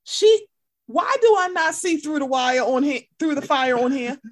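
A woman co-hosting a casual chat, animated and swearing freely as she acts out her own reactions. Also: sits high, moderate pace. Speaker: podcast co-host.

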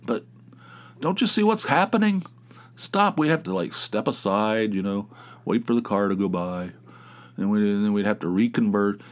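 Middle-aged male podcast host, low voice, rambling and self-deprecating, casual solo chat. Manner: rambling, self-mocking storyteller who gets fired up.

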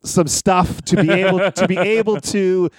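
A man's voice: high-pitched, steady tone, normal speed, no room sound, clean studio sound. A man chatting casually on a wrestling podcast, rambling through old stories and laughing often.

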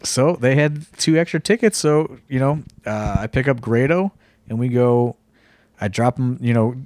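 A wrestling promoter co-hosting a casual podcast tells a rambling story packed with fillers and the occasional swear word. His voice is medium-pitched and darkish, at a moderate pace, with no room sound.

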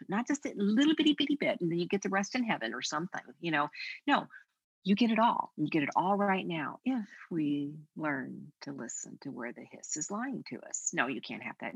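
An older woman guest speaking on a faith podcast, telling stories in an animated, expressive way. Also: on the low side, vocal fry, husky, no room sound, rough recording. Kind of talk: conversational podcast interview.

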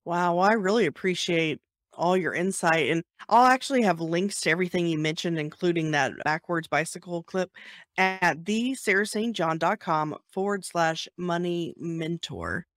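A woman's voice: lowish voice, moderate pace, no room sound. Upbeat woman podcast host, dry mic. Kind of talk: podcast interview.

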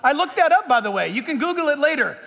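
A man's voice: extremely high pitch, sing-song, fast talker, gravelly, sharp tone. A man preaching a sermon from the pulpit, reading scripture aloud and adding emphatic asides. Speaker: pastor. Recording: echoey hall recording.

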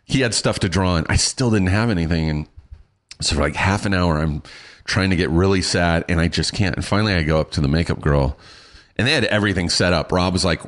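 Low-voiced man telling a lively story. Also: fairly quick. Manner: animated, swearing, acting out quotes. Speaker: guest. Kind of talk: casual storytelling.

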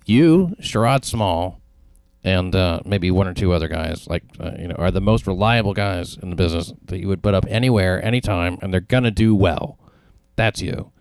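Low-voiced man hosting a comedy podcast. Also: moderate pace, a little mellow, clean tone. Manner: joking, blunt and profane. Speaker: podcast host. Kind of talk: casual comedy podcast chat.

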